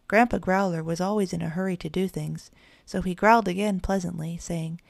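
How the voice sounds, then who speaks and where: A woman narrating a children's story in a gentle storytelling manner. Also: lowish voice, steady tone, a little fast, creaky, no echo, studio quality. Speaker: audiobook narrator. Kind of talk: children's story read aloud.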